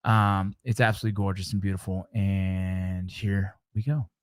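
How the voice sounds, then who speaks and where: A man's voice: sits low, fairly even intonation, moderate pace, a little hiss or hum. A middle-aged man hosting a show, talking to his listeners in an earnest, heartfelt way, with repeated words and restarts. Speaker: show host. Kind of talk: casual motivational talk to listeners.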